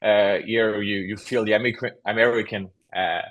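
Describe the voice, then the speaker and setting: A man's voice: lowish voice, steady tone, moderate pace, fairly bright tone, muffled recording. A man answering as a guest in a podcast interview, hesitant with many uhs and some non-native phrasing. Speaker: guest, company founder.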